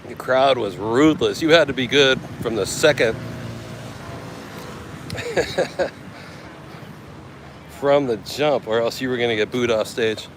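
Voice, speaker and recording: A man strolls through a seaside town, thinking aloud and cracking jokes for his travel vlog. He talks slowly and loosely, in an ordinary mid-range voice, the easy commentary of someone exploring a place on foot. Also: mid-range voice, noisy background. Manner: joking, chatty, thinking aloud. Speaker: travel vlogger. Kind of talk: casual walking vlog commentary.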